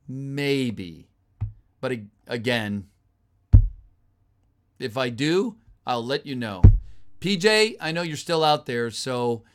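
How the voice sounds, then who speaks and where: A man hosting a casual live stream, chatting with viewers, thanking them and answering their messages with plenty of fillers and sudden excited outbursts. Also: mid-range voice, clear, resonant tone. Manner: chatty and grateful, with frequent fillers and bursts of excited exclamations.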